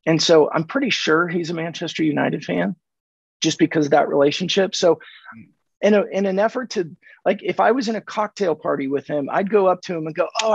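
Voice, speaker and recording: A man from California, a sales coach on a podcast, telling animated stories and acting out the dialogue. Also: fairly high pitch, vocal fry, husky, no echo. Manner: animated, acts out dialogue in anecdotes. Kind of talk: conversational storytelling. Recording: dull dry lo-fi audio.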